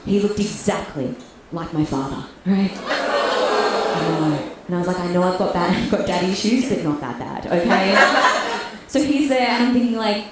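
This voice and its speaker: A woman's voice: lowish voice, moderate pace, very noisy. Brash Australian woman doing stand-up. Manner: brash, animated storytelling with acted-out quotes. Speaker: stand-up comedian. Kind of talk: stand-up comedy set. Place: comedy club stage. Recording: echoey room heard from far off. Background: audience laughter.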